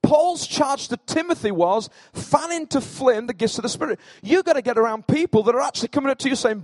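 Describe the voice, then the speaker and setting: A male pastor preaching a sermon, swinging between hushed lines and loud, animated peaks, and joking with his congregation by name. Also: extremely high pitch, a little fast, few pauses, no room sound.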